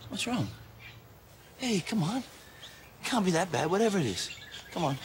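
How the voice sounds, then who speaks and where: Easygoing son. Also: male voice, high-pitched, very animated, unhurried, a little hiss or hum. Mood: soothing. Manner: chatty, gently coaxing, laughs often. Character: easygoing young man, devoted son. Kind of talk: film acting.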